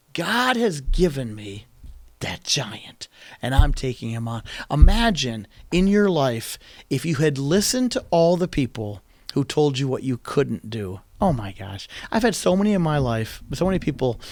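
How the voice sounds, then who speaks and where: A man's voice: mid-range voice, dry recording. A man preaching a sermon, retelling a story animatedly and acting out quoted lines in a raised voice.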